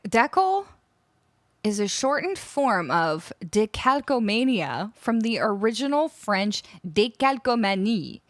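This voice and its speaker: A woman from Canada chats with her live viewers in a lively voice that swings up and down, laughing as she goes. She sits close to a studio mic, and the sound is dry and close. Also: mid-range voice, no echo. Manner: chatty, laughs often, muses over word pronunciations. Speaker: streamer. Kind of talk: casual chat with live viewers. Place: home streaming room. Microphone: studio microphone up close.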